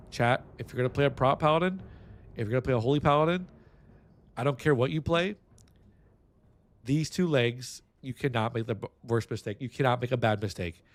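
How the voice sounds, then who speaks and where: A streamer from San Antonio talks in a loose, rambling way, jumping between thoughts and cursing freely. His voice sits at an ordinary middle pitch for a man. A faint hum of room ambience runs underneath. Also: fairly quick, pauses often. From San Antonio, Texas. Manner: rambling, restless, swears freely. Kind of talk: casual stream chat.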